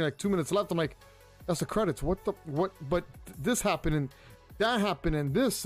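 A man with a high voice reviews things casually on his own show, rambling and circling back with ums and repeated words. Faint music runs quietly underneath him. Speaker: pop culture show host. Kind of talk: casual solo review talk.

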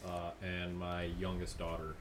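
Blunt sarcastic guy, lowish voice, noisy background. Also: completely flat delivery, a little slow. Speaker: returning podcast guest. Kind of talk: casual chat while tasting food.

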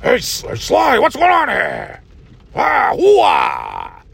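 A man doing an impression of a loud, raspy older male film star who barks bewildered questions, from inside a car. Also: very high-pitched, wildly swooping pitch, extremely slow, no echo, pitched above the performer's own voice, full character voice.

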